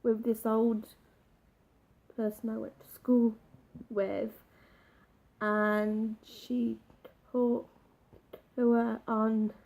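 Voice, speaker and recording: A woman talks slowly through a personal story, her voice set a little high and soft at the edges. She pauses, restarts and circles back as she goes. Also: low-quality recording. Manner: halting, emotional retelling with restarts. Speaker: vlogger.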